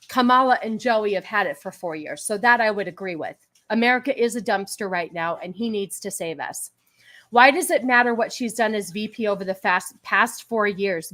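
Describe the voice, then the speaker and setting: Hosting a casual live stream of political commentary, a woman with a mid-range, slightly bright voice snaps back at chat in an exasperated, argumentative way and thanks donors.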